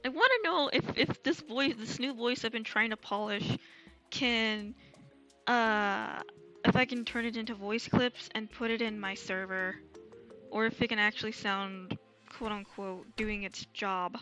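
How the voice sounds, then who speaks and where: A woman streaming live, chatting casually and candidly with crude humor, sliding her voice higher and lower as she talks. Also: steady tone, measured pace, a bit bright, faint music behind. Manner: candid, crude, laughs often. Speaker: VTuber streamer.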